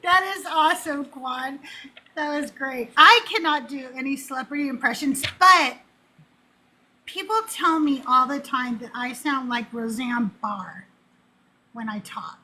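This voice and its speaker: A woman's voice: high-pitched, unhurried, bright, forceful tone, a little hiss or hum, poor audio. A woman hosting a call-in talk show, chatting casually and bluntly, laughing often. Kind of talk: casual chat.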